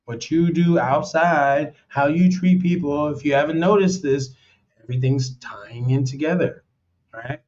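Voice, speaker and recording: On a dull, lo-fi recording, an American host gives advice in a loose, blunt monologue at a measured pace. His voice is fairly high with a darkish tone, and he peppers his talk with "man" and "you know" while acting out voices in slangy quotes.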